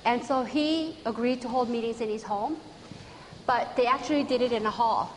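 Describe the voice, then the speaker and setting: Woman, high voice, earnest storyteller, church trainer, reverberant hall, faint noise. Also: moderate pace. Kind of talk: storytelling talk to an audience.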